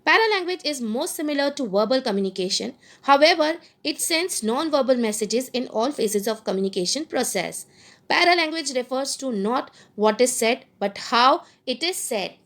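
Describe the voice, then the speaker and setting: A woman, a teacher giving a recorded lecture, explaining points slowly and repeating them with fillers. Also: high voice, expressive, a bit bright.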